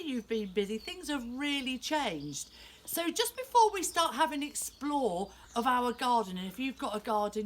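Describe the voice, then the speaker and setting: A woman leading a lively outdoor nature lesson for young children in a small back garden, speaking straight to them in a sing-song way. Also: a little high, slight background noise. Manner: animated, sing-song, talks directly to kids.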